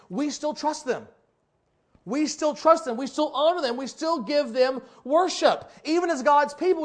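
A preacher with a very high voice delivers a sermon, acting out the people he quotes. He swings from loud, shouted lines to quiet, drawn-out ones. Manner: dramatic, voices characters, swings from loud to hushed. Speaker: pastor.

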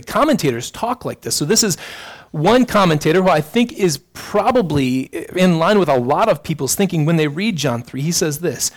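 A man's voice: a little high, expressive, normal speed. A man preaching a sermon as pastor, addressing the congregation directly with earnest rhetorical questions.

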